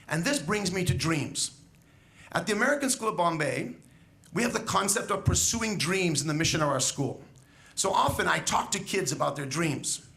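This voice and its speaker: Gravelly-voiced man giving a commencement speech. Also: high voice, sharp tone. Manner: storytelling, emphatic, rhetorical questions. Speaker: school educator.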